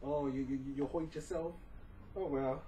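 A man's voice: on the high side, fairly even intonation, moderate pace, warm tone. A man talks casually at home for a home video, chatty and coaxing, often stammering and repeating words. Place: indoors at home. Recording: voice distant from the camera mic, faint room noise.

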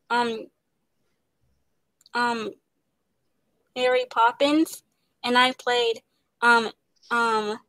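A woman's voice: a little high, a bit bright, clear, resonant tone, dry recording, low-quality recording. A young woman who stutters heavily, with many fillers and repeated words, talking about acting as a guest. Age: young adult. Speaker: guest, actor. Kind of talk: casual interview.

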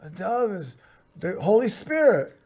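A man's voice: high-pitched, very animated, measured pace, darkish tone. A man hosting a show, telling a personal story in a rambling way, full of fillers and restarts. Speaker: host.

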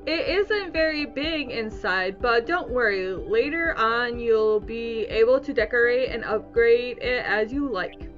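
A woman reading aloud the lines of a friendly game guide welcoming a newcomer, slowly and with small stumbles. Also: fairly high pitch, expressive, a bit bright, dull audio, soft background music.

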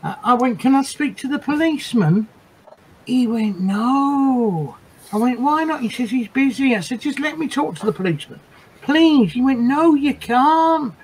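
A man's voice: extremely high pitch, animated, normal speed, a little hiss or hum, poor audio. A man hosting a casual livestream chat, telling jokes and stories and laughing between lines. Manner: giggly storyteller who laughs between lines. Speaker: livestream host.

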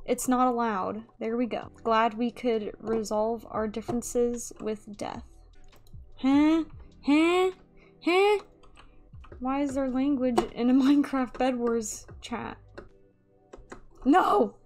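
A woman's voice: a little high, fairly even intonation, unhurried, hardly any pauses, darkish tone, soft background music. A young woman giving playful, theatrical live gameplay commentary, pleading with other players as she goes. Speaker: gaming YouTuber. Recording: faint keyboard clicking behind. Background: keyboard typing and clicks.

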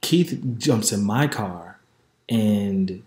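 A male podcast host with a lowish, darkish voice speaks extremely slowly and expressively in an echoey room. He tells a candid story in a chatty, frank way, addressing his listeners directly.

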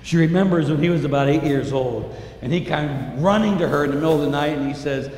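A male priest delivers an impassioned sermon, his fairly high voice surging to proclamation and falling to a hushed prayer. The sound fills a large echoing hall with a long reverb tail. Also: fast talker.

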